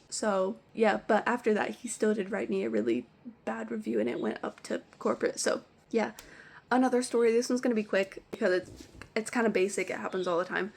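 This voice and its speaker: A young woman telling pet store stories in an animated, exasperated rant, swearing freely. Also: medium pitch, fairly quick, gravelly. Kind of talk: storytime rant.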